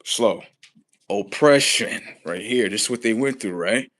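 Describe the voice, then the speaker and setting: A man hosting a livestream, swearing heavily in a mocking rant that swings between loud high outbursts and low muttering. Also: unhurried. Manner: heavy swearing, mocking, talks at the audience. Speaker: livestream host.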